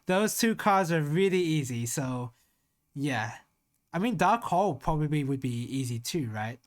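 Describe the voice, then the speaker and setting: A streamer thinking aloud in casual live-stream talk, slowly sounding out Japanese words syllable by syllable and trailing off into mutters. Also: medium pitch, animated.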